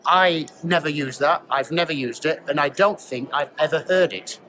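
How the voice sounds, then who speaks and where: A man's voice: fairly high pitch, normal speed, sharp tone, a little hiss or hum, poor audio. A man from South Yorkshire chatting in a friendly, explanatory way about local words at a conference. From South Yorkshire, England. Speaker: conference attendee explaining dialect. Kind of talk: casual chat.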